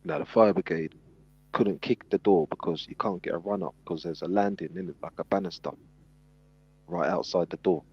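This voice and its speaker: Deep gravelly storyteller man. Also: normal speed. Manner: animated storyteller, acts out quotes. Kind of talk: casual storytelling. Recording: dull lo-fi sound.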